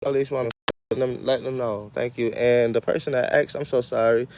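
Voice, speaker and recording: A man's voice: mid-range voice, fairly even intonation, a little fast, darkish tone, a little hiss or hum. A man hosting a casual livestream, rambling and cursing as he talks straight to his viewers. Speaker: livestream host.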